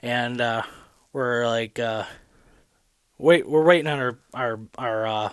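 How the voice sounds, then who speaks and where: A man with a Midwestern American accent tells a hunting story in loose, casual podcast chat. He rambles and restarts often in a mid-pitched voice. The sound is dry and close. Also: slow, clean tone, no room sound. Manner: rambling, animated retelling with many restarts. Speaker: podcast host.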